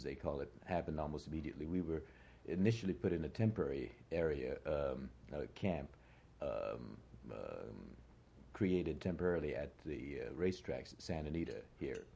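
A man's voice: very deep voice, expressive, normal speed, gravelly, dark tone, slightly rough. An older American man, an actor, recalling his past in a conversational interview, reflective and full of hesitations. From United States. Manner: reflective, hesitant with many fillers.

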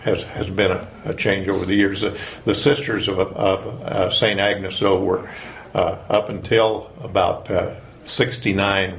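Man, interviewee, deep gravelly voice, hesitant delivery, faint noise. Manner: halting, many fillers. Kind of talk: oral history interview.

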